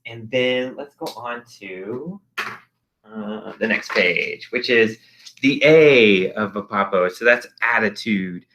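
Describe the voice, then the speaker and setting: A young man leads a casual virtual arts lesson. His voice has a bright, forward edge, and he stays upbeat, filling pauses with lots of ums and uhs. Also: fairly low pitch, slight background noise. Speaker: expressive arts teacher.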